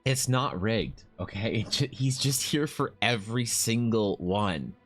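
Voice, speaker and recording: A man in his thirties from Canada talks loosely with his live viewers at a desk microphone. He rambles, swears and makes animated asides. His pitch sits in an ordinary middle range, and faint music plays behind him. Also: a little slow. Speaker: streamer. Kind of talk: casual live-stream chat.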